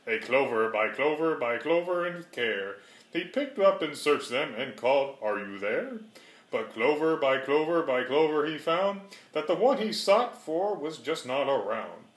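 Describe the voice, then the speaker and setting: A man reads a rhyming storybook aloud with a rhythmic, sing-song bounce. His voice sits a little high and swings widely, and a roomy echo surrounds it. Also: lively intonation, unhurried. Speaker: reader.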